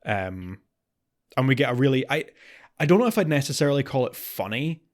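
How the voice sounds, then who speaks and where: A man co-hosting a podcast in casual chat, getting animated and higher when worked up. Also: fairly quick. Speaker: podcast co-host.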